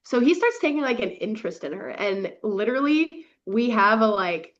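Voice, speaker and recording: A young woman hosts a casual book podcast, gushing over plot twists, swearing freely and breaking into quick laughs. Her voice sits a little high. The recording sounds dull and lo-fi. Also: big pitch swings. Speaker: podcast host. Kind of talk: casual book review chat.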